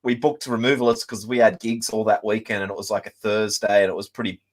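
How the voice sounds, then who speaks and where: This Australian host in his thirties, also a musician, talks fast with a fairly low pitch and flat delivery. His casual chat wanders through stories packed with fillers and laughter.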